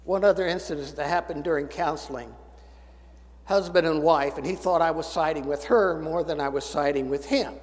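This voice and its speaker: In a church sanctuary whose long reverb fills the recording, a man in his seventies delivers a folksy, storytelling sermon with dry humor. His voice is high with a darkish tone.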